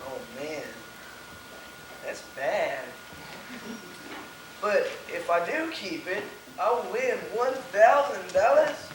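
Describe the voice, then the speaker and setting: Student playing testy father, slow sarcastic grumble, high voice, school play. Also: expressive. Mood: scheming. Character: hot-tempered father forcing himself to stay calm. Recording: echoey hall, from far, noisy.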